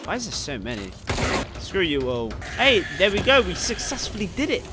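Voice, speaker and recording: Excitable swearing young man gaming. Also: high-pitched, normal speed. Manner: excitable, swearing, yelling at enemies. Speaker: gameplay streamer. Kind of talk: live gameplay commentary.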